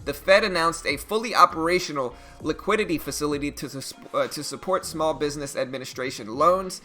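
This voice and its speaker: Chatty trading streamer, a man with a bright, punchy voice pitched a bit high. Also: a little fast, faint music behind. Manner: chatty and animated, reads news then riffs on stocks. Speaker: day-trading live streamer. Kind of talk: casual live-stream commentary.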